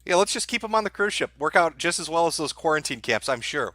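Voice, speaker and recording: A man's voice: fairly high pitch, animated, fairly quick, no room sound, clean studio sound. A man hosting a livestream, giving profane, darkly joking commentary to his chat. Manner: sardonic, profane, dark-humored. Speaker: livestream host.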